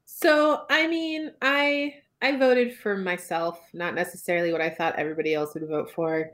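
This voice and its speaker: Young woman, lowish voice, kinda hesitant and giggly. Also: normal speed, fairly bright tone. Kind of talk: casual chat.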